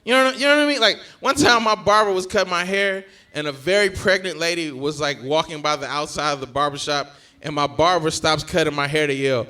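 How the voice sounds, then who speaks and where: A young male stand-up comedian with a high voice, telling his bits in an animated way. His tone is bright and forceful, and he pushes loud punchlines at the crowd. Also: fairly quick.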